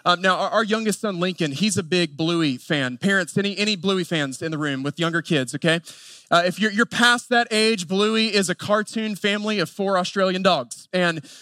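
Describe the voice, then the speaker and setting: High-voiced Appalachian male preacher. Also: sharp tone, no echo. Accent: Appalachian North Carolina. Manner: earnest, building lists with emphatic pauses. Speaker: pastor. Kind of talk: sermon.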